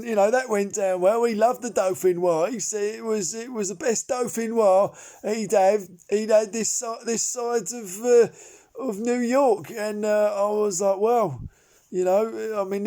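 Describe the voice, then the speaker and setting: A man's voice: sits high, dark tone. A man playing Derek, a bumbling amateur chef, telling a rambling story full of restarts and fillers. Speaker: comedy character monologue. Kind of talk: improvised character monologue.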